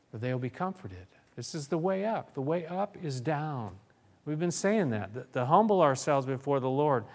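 A man preaching a sermon as pastor, earnest, reading scripture aloud and often restarting his phrases. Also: mid-range voice.

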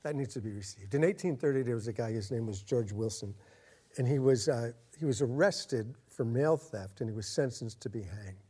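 A man preaching a sermon as a pastor, earnest, getting louder and slowing down to stress his points. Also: medium pitch, slightly rough. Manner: earnest, swells louder and slows down for emphasis.

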